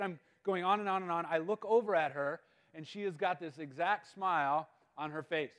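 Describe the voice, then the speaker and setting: A man giving a guest talk at a school, telling a funny personal story in an animated, self-mocking way. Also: fairly high pitch, normal speed. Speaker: guest speaker. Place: school auditorium. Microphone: live-stream mic.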